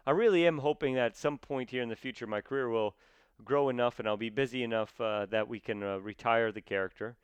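A man with a smooth, clear voice talks through a casual sports chat, pausing often on fillers and restarting his sentences. The sound is dry and close, with no room around it. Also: medium pitch, no room sound. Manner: hesitant, many fillers and restarts. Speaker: comedy sketch performer, guest.

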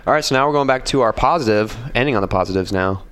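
Chill young guy on a sports podcast, kinda low voice, smooth, chimes in a lot. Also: a bit bright. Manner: easygoing, quick agreeing interjections. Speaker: podcast co-host. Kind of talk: casual sports chat.

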